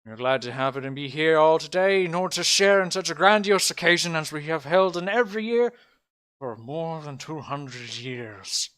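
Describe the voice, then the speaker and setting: A man's voice: lively intonation, moderate pace, fairly bright tone, clear, resonant tone. A man voicing a pompous male town mayor who makes grand, formal speeches. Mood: grandiose. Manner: booming, formal, stumbling over grand words.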